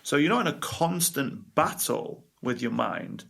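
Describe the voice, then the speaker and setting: Male life coach guest, mid voice, animated storyteller. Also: medium pitch, gravelly. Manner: animated storytelling, quick asides and laughs. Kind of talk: podcast interview conversation.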